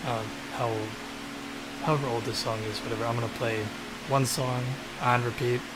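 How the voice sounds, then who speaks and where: Rambling man streaming over loud hiss. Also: mid-range voice, flat delivery, moderate pace. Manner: rambling, offhand, self-mocking. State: has the hiccups. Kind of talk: casual live-stream talk. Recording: loud hiss and air conditioning.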